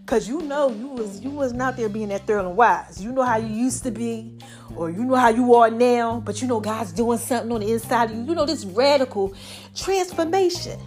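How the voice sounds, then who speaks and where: A woman's voice: fairly high pitch, brisk, faint music behind. A woman hosting a casual inspirational podcast, chatty and preachy, talking to her listeners and a bit out of breath. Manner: chatty, preachy, animated with lots of y'all and child. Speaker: podcast host.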